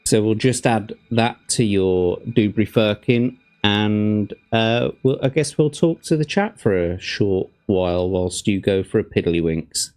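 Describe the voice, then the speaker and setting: A man's voice: fairly low pitch, a little slow, few pauses, darkish tone. A man, hosting a livestream as game master, chatting with viewers and reading gamebook passages aloud. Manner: chatty, laughs easily, talks to his chat.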